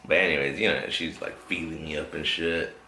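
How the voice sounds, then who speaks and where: A man's voice: rumbling low, steady tone, a little fast, pushed and bright. A man hosting a podcast, telling a rambling story with lots of swearing in casual chat. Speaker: podcast host. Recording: echoey room, faint noise.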